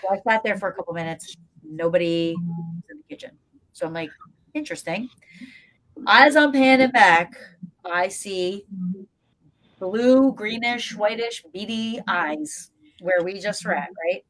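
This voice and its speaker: A woman's voice: medium pitch, unhurried, pauses often, rough recording. A woman telling a ghost-hunting story in casual chat, acting out the voices of everyone in it. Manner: animated, acts out voices in her story. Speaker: guest paranormal investigator.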